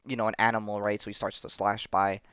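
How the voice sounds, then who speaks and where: A man's voice: on the low side, flat delivery, fast talker, a bit bright, clear, resonant tone, dry recording. A male podcast host casually recapping a comic story, rambling with lots of fillers, on a slightly muffled recording. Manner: rambling, filler-heavy, says "you know" and "right".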